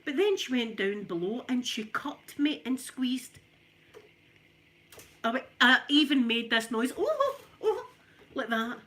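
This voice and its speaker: A middle-aged Scottish woman chatting and telling a funny story while she irons, animated and laughing often. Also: a little high, unhurried. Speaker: ASMR channel host. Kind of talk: casual storytelling while ironing.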